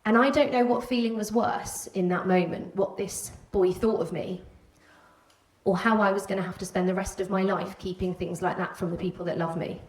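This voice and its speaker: A woman's voice: medium pitch, fairly even intonation, normal speed, darkish tone. A woman with a Welsh border accent, telling a candid personal story on stage and acting out the voices she quotes. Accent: Welsh border English. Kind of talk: live personal storytelling talk. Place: stage before an audience. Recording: roomy hall, voice from a distance.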